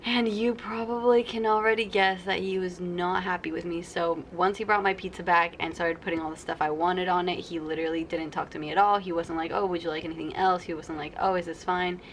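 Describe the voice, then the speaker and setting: A woman's voice: fairly low pitch, level tone, fairly quick, few pauses, a little hiss or hum. A young adult woman vlogging casually to camera, telling stories and acting out the people in them. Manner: chatty storytelling, acts out quoted people. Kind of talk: casual sit-down vlog.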